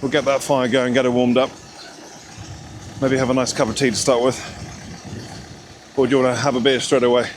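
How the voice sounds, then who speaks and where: A man's voice: medium pitch, little pitch movement, fairly quick, long pauses, slight background noise. A man vlogging outdoors in the snow, chatty and reassuring as he gives directions. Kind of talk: casual vlog chat.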